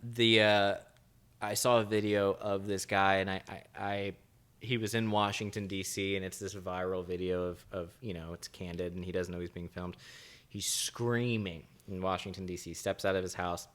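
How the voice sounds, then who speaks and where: A podcast co-host with a low, clear, resonant voice chats casually at a normal speed. He's an animated storyteller who acts out the people in his stories and their quotes.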